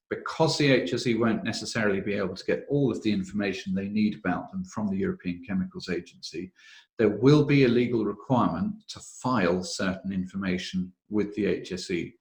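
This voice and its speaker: A man speaks in a fairly low voice, explaining rules patiently and methodically. He pauses often with "uh" fillers. The sound carries a noticeable room echo. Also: darkish tone. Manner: measured, methodical, frequent "uh" fillers. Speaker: webinar presenter on health and safety law. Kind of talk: explanatory webinar talk.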